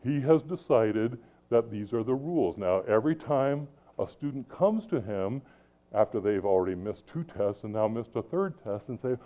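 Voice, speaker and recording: Animated preacher man, tinny phone-like sound. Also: mid-range voice, normal speed. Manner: animated, swings between loud emphasis and soft asides. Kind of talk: sermon.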